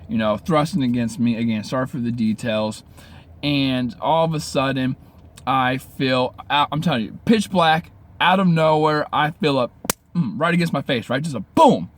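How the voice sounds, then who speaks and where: A man telling a personal story to camera in a casual vlog, animated and swearing freely, often stammering and restarting as he gets worked up. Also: medium pitch, a little hiss or hum. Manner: animated, swears freely, keeps asking "right?"; restarts and stammers when excited.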